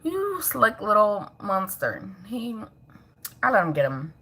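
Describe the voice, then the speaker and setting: A woman's voice: medium pitch, wildly swooping pitch, slow, fairly bright tone, husky. A woman vlogging casually at home as a mother, chatting with viewers, laughing often and scolding her toddler in between.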